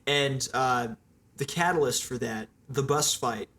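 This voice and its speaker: Regular-voiced guy on a chill podcast, walking through what worked, measured. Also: medium pitch, bright, forceful tone. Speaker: podcast co-host. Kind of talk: casual chat.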